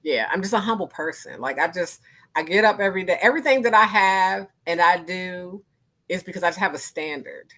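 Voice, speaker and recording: A woman's voice: fairly low pitch, animated, brisk, a bit bright, poor audio. A woman in her fifties, a guest speaker and arts organization founder, talking candidly on a panel. She acts out other people's voices and laughs often. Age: 50s.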